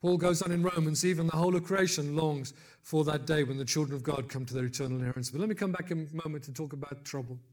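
A man's voice: steady tone, quick pace. Older man preaching with rising fervor. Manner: builds to loud emphatic peaks, then drops low and soft; conversational asides and gentle humor. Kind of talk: sermon.

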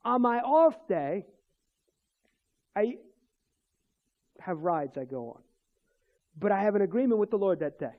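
Man, high voice, minister telling his testimony, rambling, restarts, chuckles, dull lo-fi sound. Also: sing-song, unhurried, long pauses. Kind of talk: personal testimony in conversation.

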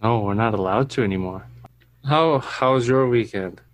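A man's voice: medium pitch, normal speed. Profane, storytelling father on a podcast. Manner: profane, animated anecdote-telling. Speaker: podcast co-host; father of a toddler. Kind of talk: casual chat.

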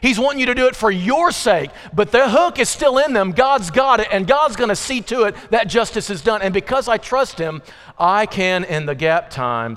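High-voiced preacher in an echoing church. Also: male voice, a bit bright. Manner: impassioned, voice rising into pleading questions and dropping low and slow for emphasis. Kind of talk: sermon. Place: church sanctuary. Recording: long reverb of a church hall.

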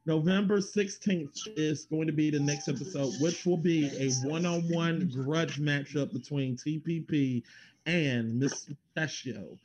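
Rambling casual podcast host. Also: male voice, a little high, unhurried, crowd noise. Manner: rambling, loose and laughing, casual swearing. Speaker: podcast co-host doing plugs.

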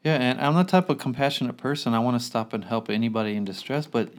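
A man's voice: mid-range voice, quick pace. A man with a mid-range voice talks earnestly in a casual film chat. He often repeats a word or two as he gets going. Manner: earnest, repeats words when starting a thought.

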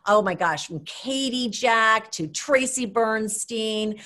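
A woman, a former government official, tells an animated story in an interview and acts out the voices of the people in it. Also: fairly high pitch, slow pace. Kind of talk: animated anecdote telling.

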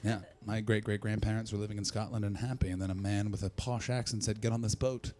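A young man doing profane, mocking stand-up crowd work, bursting loud at times. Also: on the low side, little pitch movement, fast. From Canada. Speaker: stand-up comedian.

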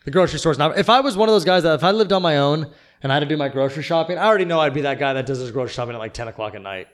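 A man's voice: fairly high pitch, lively intonation, racing. A young man chatting casually on a podcast, venting and rambling with lots of fillers. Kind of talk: casual chat.

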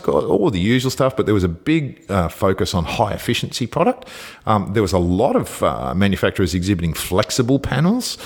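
A man co-hosting a casual podcast, chatty and easygoing, with lots of ums and restarts. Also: fairly low pitch. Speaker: co-host.

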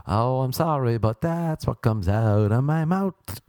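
A man's voice: medium pitch, animated, a little slow, a little mellow, no echo, studio quality. A young Irish man hosting a podcast, telling stories in a rambling, self-mocking comic monologue. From Ireland. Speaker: podcast host.

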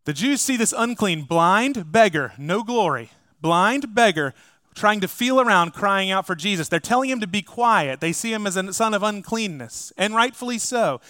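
A man's voice: high voice, animated, moderate pace, sharp tone, no room sound. A man preaching a sermon as pastor, emphatic and speaking straight to his congregation. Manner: emphatic, addresses the congregation directly.

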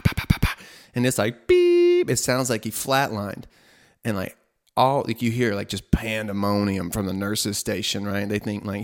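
A young man casually telling a personal faith story, chatty and self-mocking, filling his talk with "like" and "right?". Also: on the low side. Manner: chatty, with frequent "like" and "right?", laughing at himself. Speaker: storyteller sharing a faith testimony.

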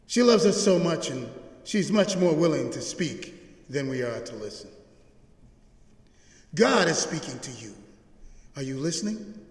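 A man delivers a sermon in a large church, his fairly high voice rising to emphatic peaks and falling to hushed lows. His preaching has a rhythmic call-and-response pull, and the sound rings out with a long, roomy reverb. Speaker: pastor. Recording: echoey church hall.

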